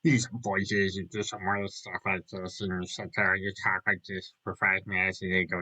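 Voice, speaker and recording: A man's voice: lowish voice, brisk, few pauses, bright, forceful tone, rough recording. A middle-aged man rambling through a casual vlog monologue, jokey and self-mocking, with frequent swearing. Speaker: vlogger.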